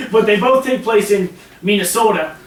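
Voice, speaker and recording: A man co-hosting a casual podcast chat, laughing often, swearing and restarting his sentences. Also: high voice. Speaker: podcast co-host. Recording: echoey room, distant mic, faint noise.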